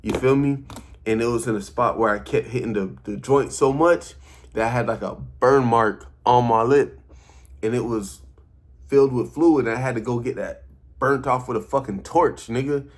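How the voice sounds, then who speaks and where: A man's voice: mid-range voice, normal speed. A man in his early thirties talking casually to camera, loose and repetitive, full of slang and "you feel me?" checks. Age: early 30s. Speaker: vlogger.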